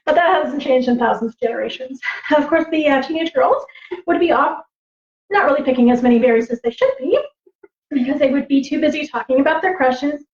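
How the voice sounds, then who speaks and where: High-voiced woman telling lively stories. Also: brisk. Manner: animated, laughing, acting out voices. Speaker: Indigenous storyteller and teacher. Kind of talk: storytelling livestream. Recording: roomy, slightly dull livestream audio.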